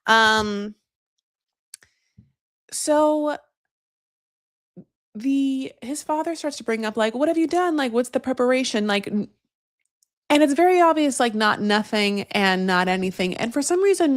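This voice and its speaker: A woman hosting a casual TV recap. She is chatty and animated, with a sarcastic edge, and swears freely. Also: a little high, slow pace, pauses often, dry recording, studio quality. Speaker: host.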